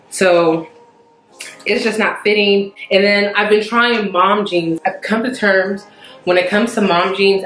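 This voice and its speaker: A woman's voice: mid-range voice, fairly bright tone. A young adult woman in a casual try-on haul, chatty and easily exasperated, full of "like" fillers. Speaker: fashion vlogger. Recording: echoey room with faint music.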